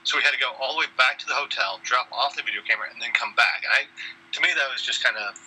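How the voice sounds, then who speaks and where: Husky middle-aged man telling a rambling story. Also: mid-range voice, racing, pushed and bright, rough recording. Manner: rambling, self-deprecating, restarts sentences. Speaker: podcast co-host. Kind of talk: casual storytelling chat.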